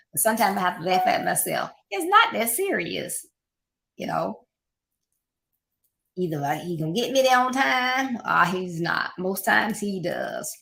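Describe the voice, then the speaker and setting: Gravelly-voiced woman giving life advice. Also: on the low side. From Florida, United States. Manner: warm, encouraging, repeats key points with little asides. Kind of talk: casual motivational talk.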